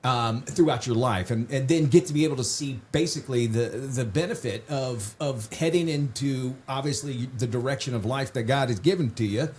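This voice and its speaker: A man's voice: mid-range voice, moderate pace, few pauses, a little mellow. A man hosting a casual interview, asking long, rambling questions. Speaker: host.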